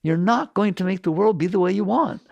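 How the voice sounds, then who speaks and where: Male spiritual teacher, gravelly, slightly high, blunt, asks lots of rhetorical questions, dry close mic. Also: brisk, a little mellow, no room sound, highs cut off. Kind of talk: spiritual talk to an audience.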